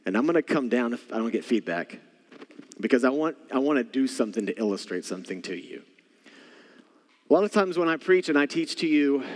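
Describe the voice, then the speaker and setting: A male pastor preaching a sermon, telling a story with animation and speaking straight to his congregation. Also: medium pitch. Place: church sanctuary. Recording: church hall with long reverb.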